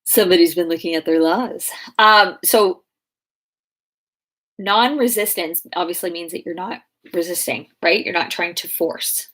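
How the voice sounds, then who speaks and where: A woman's voice: fairly low pitch, a little slow, fairly bright tone. Woman in her thirties, life coach answering client questions, chatty and loose, lots of "like" and "you know". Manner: chatty, many fillers and restarts. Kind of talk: casual Q&A coaching talk.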